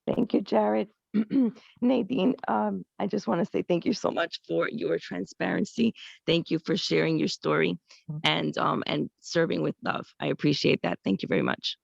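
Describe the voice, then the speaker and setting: A woman with a very gravelly voice speaks gently on a video call, grateful and soft-spoken. The line is dry and slightly dull. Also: on the low side, moderate pace, dry recording. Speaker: caller.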